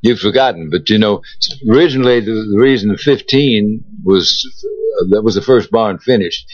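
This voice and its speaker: A man's voice: on the low side, dry recording. An older man, telling stories in a folksy, drawling way as co-host of a casual radio chat. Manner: slow, drawling storyteller with a folksy turn of phrase. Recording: muffled, lo-fi radio recording.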